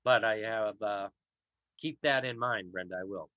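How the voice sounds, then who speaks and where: A man's voice: lowish voice, moderate pace, no room sound. A tired man hosting a casual livestream, reading viewer comments and rambling with many fillers and restarts. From Idaho, US. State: tired, yawning. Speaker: host of a law livestream. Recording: dull lo-fi stream audio.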